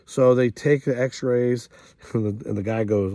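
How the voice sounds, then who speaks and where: A middle-aged man tells a comic tale to the camera with a mellow, dark tone. He chuckles and jumps up high in pitch to play the people in his story. The sound is dry and close, with no room echo. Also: unhurried. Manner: animated, acts out quoted people with big pitch jumps; chuckles through the telling. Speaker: host.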